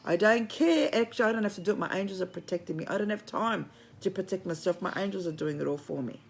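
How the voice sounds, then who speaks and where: Blunt, swearing woman with a gravelly voice. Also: mid-range voice, animated, fast, a little hiss or hum. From Greek heritage, living in Australia. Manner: blunt, swearing, preachy, addresses viewers as friends. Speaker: online spiritual commentator. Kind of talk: casual livestream monologue. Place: at home. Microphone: phone.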